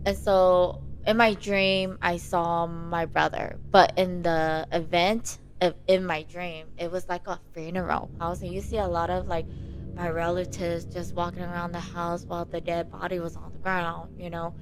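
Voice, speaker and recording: A woman with a lowish voice tells a long story in a loose, chatty way, full of fillers and quoted back-and-forth. The recording carries a clear layer of background noise behind her. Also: flat delivery, normal speed. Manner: chatty, retells a dream with many fillers. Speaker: podcast guest. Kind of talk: casual storytelling. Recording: noisy background.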